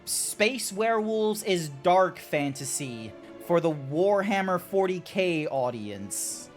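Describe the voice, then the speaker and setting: A young man streaming a game, chatting casually and jokily, often breaking into excited shouts. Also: high voice. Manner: excitable, jokey, quick bursts of shouting. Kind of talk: casual livestream chat. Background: faint background music.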